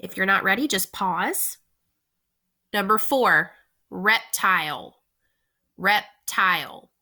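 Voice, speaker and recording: Woman, teacher, spelling dictation, slow deliberate pace, bright tone, repeats each word. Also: mid-range voice, animated.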